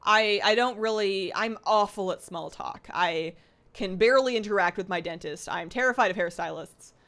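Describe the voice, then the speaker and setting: A young streamer with a mid-range, slightly bright voice talks at a moderate pace in her apartment. Reading viewer comments in a casual chat, she rambles, pokes fun at herself, and keeps restarting with lots of ums.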